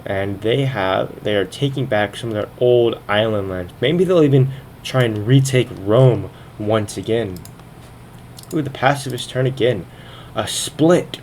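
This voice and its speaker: A gaming video host with a lowish, darkish voice talks at a measured pace over slight background noise. He casually comments on a strategy game, thinking aloud as he narrates each turn and sometimes sounding a little out of breath.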